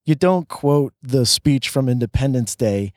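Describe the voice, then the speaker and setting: A man in casual conversation reviewing a film, relaxed and opinionated, with lots of fillers. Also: medium pitch, a little slow, dry recording, clean studio sound. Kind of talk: casual movie review chat.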